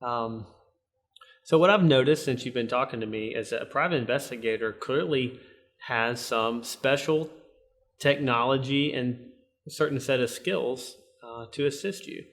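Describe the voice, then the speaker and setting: A man interviewing an attorney, politely summarizing her points with a slightly halting delivery. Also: medium pitch, a bit bright. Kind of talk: professional interview.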